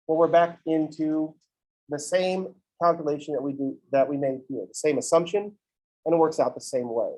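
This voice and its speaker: Male math lecturer, slightly higher voice, chatty and digressive, classroom delivery. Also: normal speed, warm tone, low-quality recording. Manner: conversational, digressive, playful asides. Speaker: math teacher.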